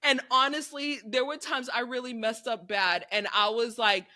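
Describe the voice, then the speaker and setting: A woman's voice: fairly high pitch, normal speed. A woman in her forties co-hosting a casual chat, telling stories with acted-out quotes and frequent laughter. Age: 40s. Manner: animated storytelling, acts out quotes, laughs often. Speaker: co-host.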